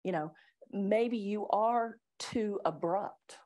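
Middle-aged female trainer and lawyer. Chatty and self-deprecating, laughs between points. Medium pitch. Live staff session. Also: takes it slowly, dark tone. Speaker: workplace trainer and attorney. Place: meeting room with live audience.

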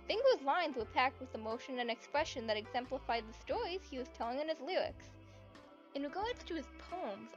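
A woman's voice: high voice, highs cut off. A woman narrating a documentary video in an earnest, enthusiastic scripted voice-over.

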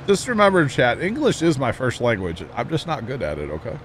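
Streaming a game, a young man with a Midwestern American accent talks with his viewers, poking fun at himself and laughing a lot. He speaks very slowly with frequent pauses, his fairly high voice swooping wildly in pitch, and there's a faint hiss or hum.

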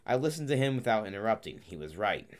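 A man reading an audiobook aloud, halting at times and correcting himself mid-phrase. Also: lowish voice, sing-song. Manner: halting, frequent restarts and self-corrections. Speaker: audiobook reader. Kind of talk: audiobook narration.

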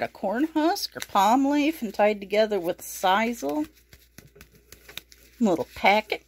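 A woman's voice: on the high side, very animated, takes it slowly, pauses often, fairly bright tone. A woman hosting a casual pet unboxing vlog, talking fondly to her rabbits and a little out of breath. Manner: cooing baby talk to her rabbits. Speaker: pet channel host.

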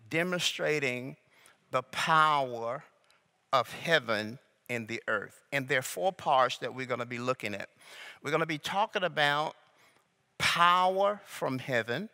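A man's voice: medium pitch, sharp tone. A male pastor teaching a sermon, drawing out key words and coaxing the congregation to repeat phrases back to him. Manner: slow, deliberate emphasis on key words. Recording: long hall reverb.

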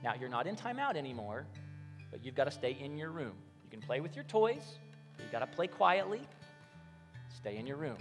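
A man preaching a sermon as pastor, measured, dropping soft and low on key phrases while weaving in a family story. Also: sing-song. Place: church sanctuary. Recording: long hall reverb, faint guitar behind. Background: soft guitar music.

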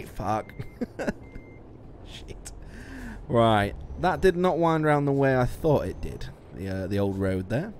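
A man streams a trucking game, chatting with viewers, swearing, and laughing a lot at his own blunders, all through a studio musician's mic. His voice is fairly low, animated, and measured in pace, with slight background noise.

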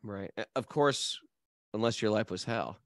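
A man's voice: on the low side, moderate pace, dry recording, clean studio sound. A man co-hosting a casual spiritual talk, telling stories with animation and laughing easily. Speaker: podcast co-host. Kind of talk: casual spiritual chat, reading song lyrics.

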